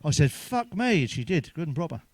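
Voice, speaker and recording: Crude stand-up, middle-aged man, slightly high voice, dry close sound, swears freely. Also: very fast, warm tone, dry recording. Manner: crude, swearing, laughs at own jokes. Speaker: stand-up comedian. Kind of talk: stand-up jokes told to camera.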